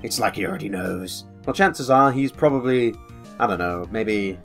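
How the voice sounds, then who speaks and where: A man's voice: medium pitch, expressive, moderate pace, gravelly, a bit bright, faint music behind. A man giving sardonic, rambling let's-play commentary with frequent swearing. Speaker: game commentator.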